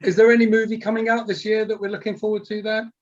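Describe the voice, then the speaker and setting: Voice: medium pitch, flat delivery, quick pace. A speaker with an English accent chatting casually on a podcast, wry and joking. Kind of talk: casual chat. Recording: dull lo-fi audio.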